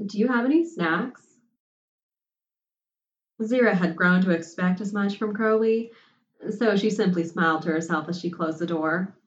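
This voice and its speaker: A woman narrating a story in an even, measured audiobook style. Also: fairly low pitch, roomy sound. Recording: distant, muffled recording.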